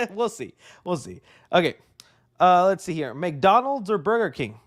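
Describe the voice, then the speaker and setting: A young man hosting a live movie news stream, chatting casually with an excitable, rambling manner and constant "dude" asides. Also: high-pitched, a little fast. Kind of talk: casual livestream chat.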